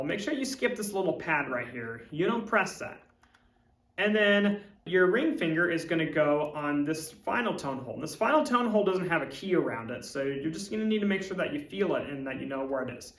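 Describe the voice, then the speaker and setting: A man's voice: on the high side, lively intonation, brisk, fairly bright tone, distant mic. A man, a music teacher, explaining step by step in an instructional video lesson. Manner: clear step-by-step demonstrating. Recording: roomy echo, from off-mic.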